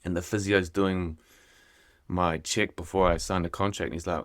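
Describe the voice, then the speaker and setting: A man with a New Zealand accent hosting a casual podcast interview, relaxed and chatty, dropping slang like "bro" and "eh". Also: sits low, normal speed, dry recording, studio quality. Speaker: podcast host.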